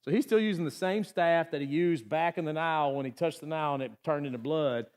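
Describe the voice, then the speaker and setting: A man's voice: on the high side, fast, a little mellow, clear, resonant tone. A man preaching a sermon in a conversational way, often checking in with the congregation and acting out the voices in the story. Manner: conversational, asks the room "right?" often; acts out quoted voices. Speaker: pastor. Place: church.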